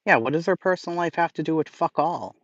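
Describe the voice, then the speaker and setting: A man's voice: a little high, fast, a bit bright, dry recording. Boston-accented male streamer, blunt and profane, casual rant over slightly dull, lo-fi audio. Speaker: livestream host reading chat. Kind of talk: casual chat.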